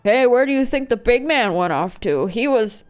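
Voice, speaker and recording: A woman's voice: a little high, lively intonation, normal speed, clear, resonant tone, faint music behind, voice pushed up, close to an everyday voice. A woman voicing a male night-shift warehouse worker who grumbles and chats. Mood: grumbling.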